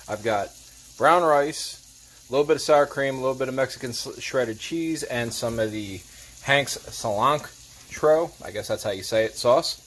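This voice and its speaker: A fishing charter captain, a man, casually explaining as he cooks in his home kitchen, plain-spoken and relaxed as he works. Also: medium pitch, moderate pace. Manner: plain-spoken, relaxed, talks while working. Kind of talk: casual how-to cooking vlog.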